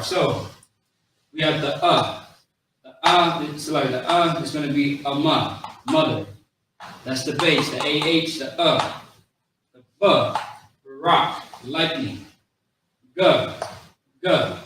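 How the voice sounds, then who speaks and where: A man giving an informal lesson, slowly repeating and drawing out each sound. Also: on the high side, fairly bright tone. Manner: slow, repetitive, drawing out sounds. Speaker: teacher. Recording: echoey room, distant mic, faint noise.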